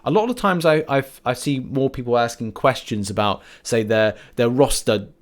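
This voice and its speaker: A man's voice: mid-range voice, normal speed. A man hosting a casual gaming podcast, rambling and laughing often as he talks. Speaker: podcast host.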